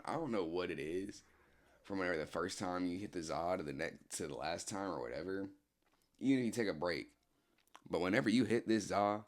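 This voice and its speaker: A laid-back man tells a rambling, slang-heavy story to a friend, his voice deep and gravelly. He talks into a game headset during an online party chat, restarting sentences as he goes. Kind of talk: casual storytelling. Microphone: game headset in a console party chat.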